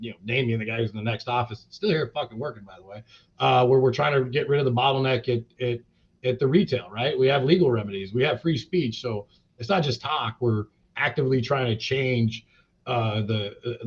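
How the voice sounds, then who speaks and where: A man's voice: mid-range voice, brisk. A man being interviewed as a company chief, talking in a blunt, profane, rambling way full of fillers. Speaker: cannabis company CEO, interview guest. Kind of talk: casual interview talk. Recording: dull lo-fi podcast audio.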